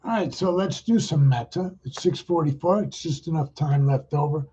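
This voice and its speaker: A man's voice: fairly high pitch, normal speed, dark tone, dull audio, slight background noise. A middle-aged man who chats casually and rambles with fillers, then leads a guided loving-kindness meditation for a group. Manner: rambling, chatty, with fillers and restarts.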